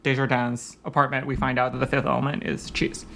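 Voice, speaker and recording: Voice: mid-range voice, flat delivery, a little fast, creaky, sharp tone. A co-host in their late twenties on a book podcast, explaining animal facts and trading nerdy references. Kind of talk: casual podcast chat about a book.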